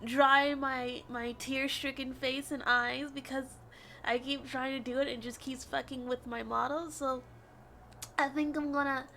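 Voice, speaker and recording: A woman livestreaming a game, tearful and emotional, exclaiming and swearing at the story before a soft sign-off, on a desk mic. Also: high-pitched. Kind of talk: live game stream reaction.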